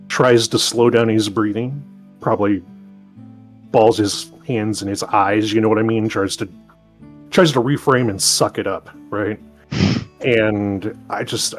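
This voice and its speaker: A man at a tabletop game, describing what his character does in a casual, halting way, full of fillers. His voice sits a little low. Faint music plays in the background. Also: steady tone. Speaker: player. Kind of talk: tabletop role-play chat.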